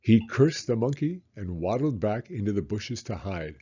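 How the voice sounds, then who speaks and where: A man reading a children's storybook aloud in an expressive, dramatic way. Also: lowish voice, moderate pace, hardly any pauses, breathy edge, muffled recording.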